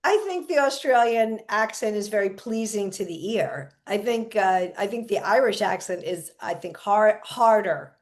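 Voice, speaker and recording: A woman with a middle-range voice hosts a casual chat. She talks earnestly and fills her pauses with small hesitations as she shares her plans. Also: mid-range voice, animated. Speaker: podcast host and comedian.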